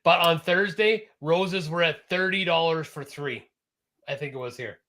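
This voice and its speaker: Bright-voiced man, casual co-host. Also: fairly high pitch, normal speed. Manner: trails off quietly at the ends of thoughts. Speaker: podcast co-host. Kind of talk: casual chat.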